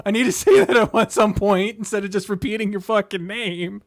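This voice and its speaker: A woman's voice: mid-range voice, moderate pace, hardly any pauses, dry recording, clean studio sound. A woman streamer and game master in casual livestream chat, giddy and laughing often, swearing and stumbling as she works through math aloud.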